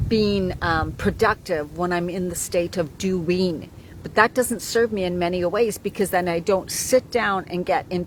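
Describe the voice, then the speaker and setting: A woman's voice: fairly low pitch, noisy background. A woman in her forties talking casually to camera as a wellness coach, chatty, often checking in with "right?". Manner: chatty, keeps asking "right?". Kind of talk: casual talking-head vlog.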